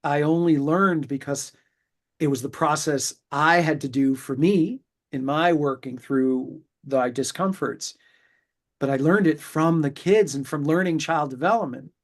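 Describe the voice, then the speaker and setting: A middle-aged man from New York, a pediatrician, explaining his views in a measured, reflective way, with pauses and restarts. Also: fairly high pitch. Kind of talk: conversational interview explanation.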